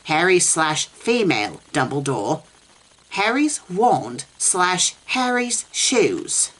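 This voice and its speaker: A woman with a low-pitched but very lively voice, reading fan fiction aloud for a comedic review. She talks in a sarcastic, exasperated way, and her delivery swings widely in pitch as she mocks what she reads. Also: takes it slowly, husky.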